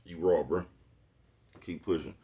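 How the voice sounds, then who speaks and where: A man's voice: deep voice, measured pace, warm tone, muffled recording. A man from Oakland, talking casually to his phone camera, rambling in slang and asking "you know what I'm talking about" again and again. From Oakland, California. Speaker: vlogger. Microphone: phone with Bluetooth earpiece.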